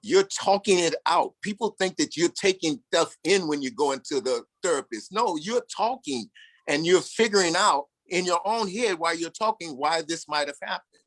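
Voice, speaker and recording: Man, 60s, pitch a touch high, dry close mic, candid storyteller. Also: fairly bright tone, no room sound. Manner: earnest and candid, acts out other people's lines in the story. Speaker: formerly incarcerated speaker. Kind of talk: personal storytelling talk.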